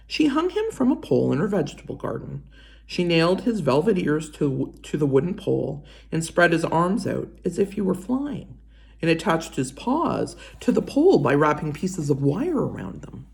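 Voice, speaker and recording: Expressive woman reading a storybook. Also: low voice, gravelly. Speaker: reader. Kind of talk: storybook read-aloud.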